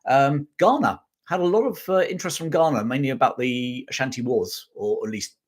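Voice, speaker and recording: A man's voice: mid-range voice, brisk. A man hosting a live history chat stream, reading out viewer comments in a chatty way, with many ums and restarts.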